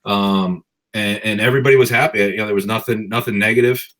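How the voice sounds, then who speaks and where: Low-voiced man, relaxed chat. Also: fast talker. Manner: relaxed, hedging with fillers. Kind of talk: casual chat.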